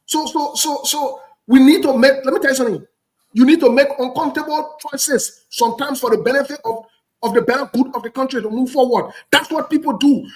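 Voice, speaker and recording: A man's voice: very high-pitched, a little fast, rough recording. A man with a Liberian English accent hosting a talk show, giving heated political commentary in an emphatic, repetitive, lecturing way.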